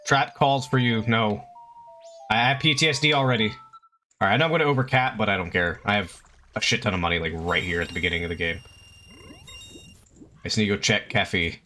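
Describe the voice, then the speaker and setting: A man's voice: fairly low pitch, a little fast, pauses often, pushed and bright. A young man casually commenting while he plays a video game, chatty and swearing freely, talking to his chat and to the game. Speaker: streamer. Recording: faint game music behind.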